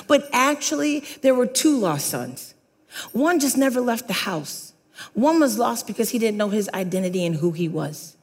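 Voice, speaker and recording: Animated woman preacher in a reverberant hall. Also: fairly high pitch, normal speed. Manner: animated storytelling, asks audience to repeat words. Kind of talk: sermon with Bible reading.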